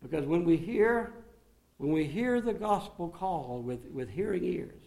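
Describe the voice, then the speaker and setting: A man preaching a sermon to his congregation, swinging between emphatic raised passages and quiet, low asides. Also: expressive, measured pace, gravelly. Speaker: pastor.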